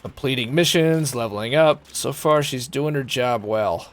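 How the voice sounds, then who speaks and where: A man's voice: mid-range voice, moderate pace. Casual swearing male game streamer. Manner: loose, joking, swears freely, thanks viewers by name. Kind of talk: casual live-stream chat.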